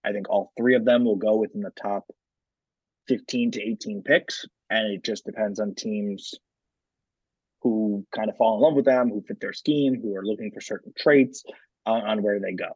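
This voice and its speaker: A man's voice: on the low side, moderate pace, a little mellow, slightly rough, dry recording, lo-fi sound. A man co-hosting a podcast, chatting casually about sports and leaning on lots of filler words. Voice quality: frequent filler words and restarts. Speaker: podcast co-host.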